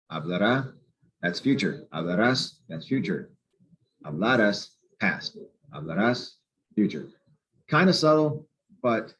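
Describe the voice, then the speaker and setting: A man's voice: lowish voice, poor audio. A man teaching a grammar lesson, explaining patiently and methodically and repeating key points. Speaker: Spanish teacher.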